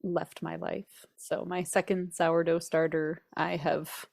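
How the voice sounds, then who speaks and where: A woman's voice: fairly low pitch, little pitch movement, slow pace, creaky, darkish tone, dry recording, clean studio sound. A middle-aged woman co-hosting a cooking podcast in casual chat, chatty and laughing often. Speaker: podcast co-host.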